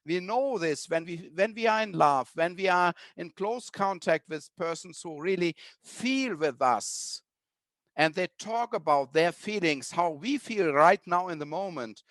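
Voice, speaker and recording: Expressive man lecturing on empathy. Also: high voice, a little slow, no room sound. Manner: warm, storytelling, acts out children's and teachers' words. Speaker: webinar speaker.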